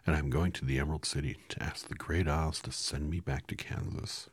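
A man's voice: a bass voice, steady tone, a little fast, breathy edge, no room sound. A man voicing a polite, kind young girl while reading a storybook aloud. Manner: polite, sympathetic.

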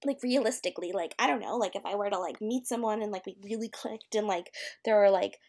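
A woman's voice: medium pitch, quick pace, a little mellow. A young woman at home, casually answering a questionnaire as an amateur audio creator, rambling and hesitant with many filler words. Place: her home.

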